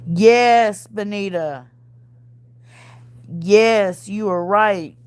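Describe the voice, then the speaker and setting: A woman with a Southern US accent chats easily with her viewers, calling them y'all and breaking into laughter now and then. She talks at an unhurried, drawn-out pace in a middle-pitched voice. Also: darkish tone, clear, resonant tone. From Mississippi, US. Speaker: livestream host reading chat. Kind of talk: casual chat.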